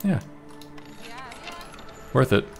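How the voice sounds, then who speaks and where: A man casually commentating a strategy game he is playing, muttering to himself in a wry, self-mocking way, with faint game music and keyboard typing behind him. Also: drawn-out words. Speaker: gameplay commentator. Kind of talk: casual let's-play commentary.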